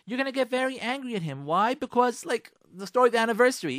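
Animated high-voiced man giving marriage advice. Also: fast, few pauses, dry recording, studio quality. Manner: emphatic, repeats lines for effect, rhetorical questions; addresses listeners directly, coaxing. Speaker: radio show host giving relationship advice.

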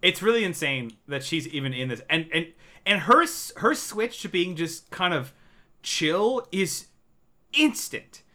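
A man's voice: high-pitched, expressive, unhurried, bright, forceful tone. A man co-hosting a podcast, chatting casually about a movie, sarcastic and laughing often as he acts out lines from it. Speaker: podcast co-host. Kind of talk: casual movie-review chat.

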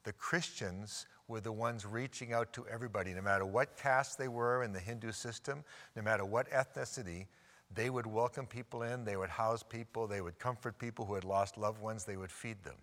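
A man's voice: lowish voice, fairly bright tone. Preaching man in a reverberant hall. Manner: storytelling, slows down for emphasis. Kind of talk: sermon.

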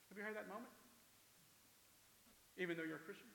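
A man's voice: high voice, steady tone, fast, vocal fry, pauses often, a bit bright. Male pastor, sermon delivery, acts out dialogue, hall reverb. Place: large hall at a men's camp. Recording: echoey hall, long reverb.

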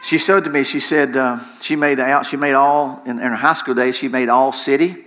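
A man's voice: mid-range voice, fairly even intonation, normal speed, fairly bright tone, slight background noise. A man preaching a sermon in an impassioned way, repeating phrases for emphasis. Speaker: pastor.

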